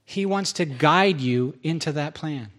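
Delivering his sermon a little slowly, a male pastor uses a somewhat high, slightly bright voice. He numbers off his points, restates important lines to drive them home, and adds humorous, self-deprecating remarks.

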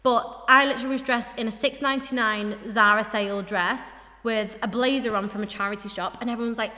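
A young woman from the North of England chats playfully on a podcast and keeps slipping into mock voices. Her voice is bright and sits slightly high. The room rings with a long reverb. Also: fairly even intonation, brisk. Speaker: podcast co-host. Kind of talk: casual chat.

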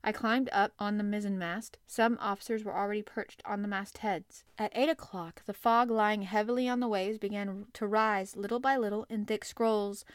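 A woman reads a novel aloud as an audiobook narrator. Her voice sits at a middle pitch, and her reading is steady and expressive. The sound is dry and close to the mic. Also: moderate pace, few pauses, dry recording.

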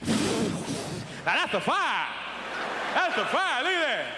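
A man's voice: extremely high pitch, big pitch swings, takes it slowly, pitched above the performer's own voice, full character voice. A man playing a bossy middle-aged uncle barking orders at a cookout grill, in a stand-up show. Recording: echoey live venue with crowd noise.

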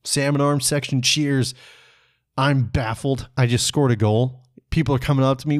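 A man from Canada telling a personal story on his podcast in a relaxed, conversational way, chuckling often and swearing casually. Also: mid-range voice, moderate pace. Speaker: podcast host.

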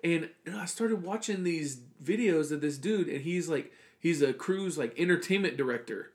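A man's voice: on the high side, normal speed. A young man co-hosting a podcast, chatting casually and rambling with lots of fillers. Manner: rambling, heavy use of "like", animated storytelling. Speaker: podcast co-host. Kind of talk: casual chat.

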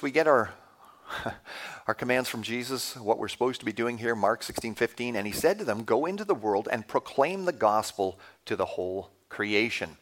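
A man's voice: mid-range voice, fairly bright tone. A Canadian man in his fifties preaching a conversational sermon to a congregation, asking the audience questions as he goes. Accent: Canadian English. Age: 50s. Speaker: guest speaker.

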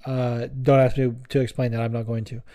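A man's voice: medium pitch, level tone, fairly quick, mellow. A young man hosting a podcast, chatting in a rambling, profane, joking way. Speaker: podcast host. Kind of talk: casual podcast chat.

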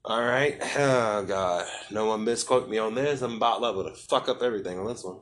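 A man's voice: fairly low pitch, fairly quick, a little hiss or hum. A man hosting a podcast interview, joking, rambling and swearing freely. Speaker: podcast host. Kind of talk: casual interview chat.

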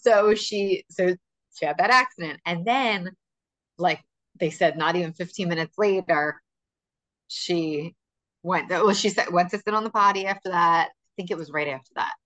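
A woman's voice: lowish voice, normal speed, fairly bright tone. A woman co-hosting a podcast, chatting casually and telling stories with frequent laughter. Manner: chatty storytelling, laughing often. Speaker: podcast co-host. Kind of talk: casual chat.

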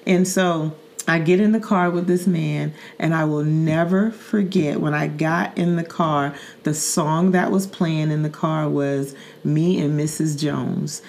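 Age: middle-aged. Sex: woman. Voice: low. Style: earnest podcast storytelling. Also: fairly even intonation, unhurried, vocal fry, darkish tone. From Saint Louis, Missouri. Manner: earnest, vivid retelling with filler words and repeats. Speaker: podcast host. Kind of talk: personal storytelling in casual chat.

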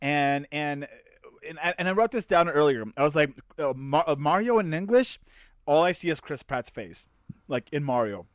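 A young man hosts a casual gaming podcast in a smooth, resonant voice. He talks loosely, with plenty of fillers and quick agreeing asides. The recording is dry. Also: fairly high pitch, expressive, no echo. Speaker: podcast host. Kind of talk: casual chat.

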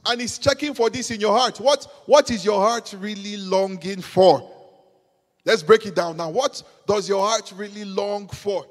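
A man's voice: sits high, unhurried. A man. He is emphatic, repeats his phrases and climbs to fervent peaks. His voice rings with the long reverb of a large hall. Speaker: preacher. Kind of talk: sermon.

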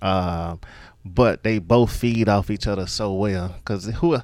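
A man's voice: lowish voice, slow pace, no echo. A man talking casually about a movie he loves, laughing often and acting out favorite lines. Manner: animated, laughs often, acts out quotes. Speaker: guest.

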